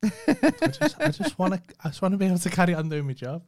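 A man's voice: high voice, wildly swooping pitch, fast. A man, a comedian co-hosting a podcast, talking casually with lots of swearing and stumbling restarts. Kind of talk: casual chat.

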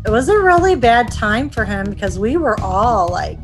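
A middle-aged woman, the mother of the story's subject, is interviewed over music and recounts past events in a chatty, emotional way, acting out what people said. Her voice is fairly high with big pitch swings, at a moderate pace.

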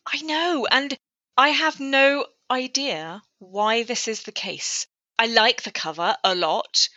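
A woman's voice: fairly high pitch, slow, sharp tone, no room sound, dull audio. A woman author talking through her writing in a casual interview, thoughtful and prone to restarts. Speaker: author guest. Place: lives in North Wales.

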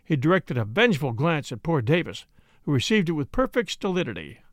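A man narrating a story in a measured, expressive audiobook reading. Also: a little high, dry recording, studio quality. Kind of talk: scripted narration.

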